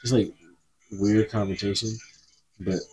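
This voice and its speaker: A man's voice: on the low side, steady tone, unhurried, a little mellow. Laid-back man telling long stories. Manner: laid-back, rambling storyteller. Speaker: podcast co-host. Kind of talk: casual chat.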